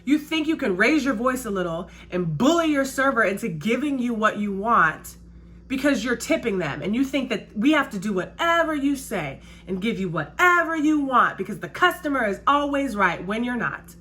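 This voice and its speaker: A woman's slightly high, fairly bright voice has a sing-song quality at a normal speed. During her makeup routine, the restaurant server chats casually but emphatically, repeating the phrases that matter most to her.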